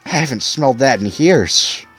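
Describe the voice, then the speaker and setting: A man's voice: medium pitch, animated, normal speed, husky, soft background music. A man voicing a tearful aging small-town barber who talks in wistful questions.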